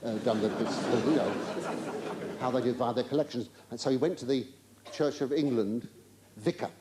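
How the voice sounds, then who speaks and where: A man's voice: mid-range voice, moderate pace, warm tone, some chatter behind. A man doing live stand-up in a theatre, stammering through flustered asides and mock-indignant denials while he teases the audience. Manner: chatty, teasing the audience. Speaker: stand-up comedian. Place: large theatre stage before a live audience. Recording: live theatre recording with audience laughter and hiss.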